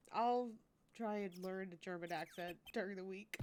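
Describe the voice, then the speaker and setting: A woman's voice: mid-range voice, moderate pace, darkish tone, slight background noise. A woman streamer chatting playfully and reacting while she plays through a game, recovering from sinus surgery. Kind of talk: casual game commentary. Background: game music.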